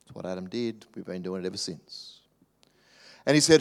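A man preaching a sermon in a church, animated, acting out voices and dropping to soft near-whispers. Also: low-pitched, normal speed. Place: church hall. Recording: reverberant hall.

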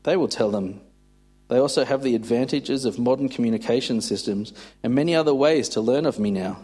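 A man voicing Jesus as a calm, stern adult man who speaks solemnly and firmly. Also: medium pitch, natural voice. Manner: solemn, firm, measured.

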